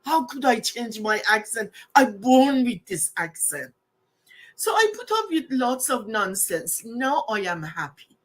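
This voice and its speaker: A woman's voice: on the high side, big pitch swings, a little slow, fairly bright tone. A woman around sixty, a guest telling her own story in earnest, heartfelt, plainspoken words with non-native English phrasing. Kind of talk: personal testimony.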